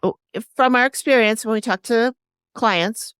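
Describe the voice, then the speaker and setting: A woman's voice: a little high, normal speed, fairly bright tone, clear, resonant tone, no echo, studio quality. A woman co-hosting a podcast, talking casually and bluntly and questioning things skeptically. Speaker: podcast co-host.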